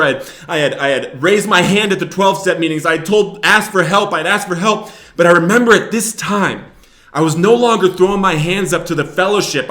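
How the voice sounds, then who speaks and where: This young man's slightly high voice echoes in a reverberant space as he hosts his own show near Billings, Montana. With strong emotion that swells into loud shouting in places, he shares his story of addiction and recovery on camera.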